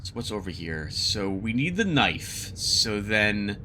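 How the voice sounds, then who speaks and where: A man's voice: lowish voice, sing-song, slow, bright, forceful tone, slight background noise. A man narrating his solo board game playthrough in casual commentary, thinking aloud, muttering asides and reading card text aloud. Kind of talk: casual let's-play commentary. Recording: background music under the voice.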